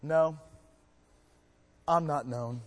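A male missionary preacher giving a revival sermon, emphatic, shifting between loud exhortation and quiet asides. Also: a little high, extremely slow. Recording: echoey hall with long reverb.

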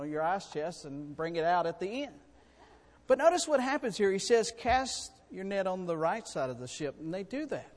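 A man preaching a sermon in a folksy, emphatic way, swinging between loud and quiet. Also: high-pitched, big-room sound.

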